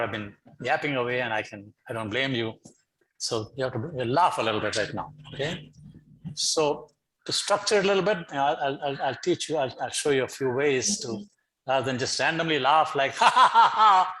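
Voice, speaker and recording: A middle-aged man speaking over a video call as a guest speaker, coaxing his audience through a lively online session and often repeating words as he gets going. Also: mid-range voice, a little fast, husky, low-quality recording. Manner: animated, coaxing, repeats words when starting. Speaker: guest speaker for teacher training. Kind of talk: online lecture leading laughter exercises.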